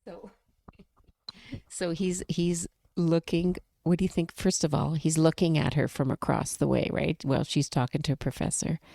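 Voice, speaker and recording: A woman's voice: sits low, fairly even intonation, normal speed, vocal fry, warm tone, dry recording. A woman hosting a book podcast, reading aloud and chatting casually with her guest, careful not to give away spoilers. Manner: chatty, stops herself from giving spoilers. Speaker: podcast host.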